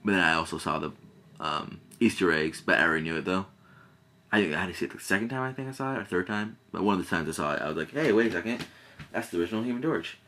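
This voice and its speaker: A man's voice: low voice, very fast, bright, forceful tone. A man giving a casual, rambling movie review, full of fillers and restarts and often giggling.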